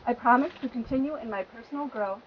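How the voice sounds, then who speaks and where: A woman officiating a wedding, leading the ring exchange in a clear, measured, formal way outdoors by a lake. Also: on the high side, muffled recording, slight background noise.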